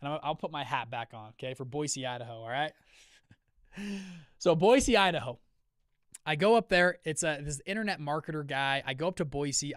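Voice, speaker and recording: A man hosting a live call, telling a personal business story in a conversational way, acting out quoted dialogue with lively shifts. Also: on the high side, smooth, dry recording, studio quality. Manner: energetic, acts out quoted dialogue with shifting voices; conversational, many fillers and check-ins. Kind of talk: storytelling talk to an audience.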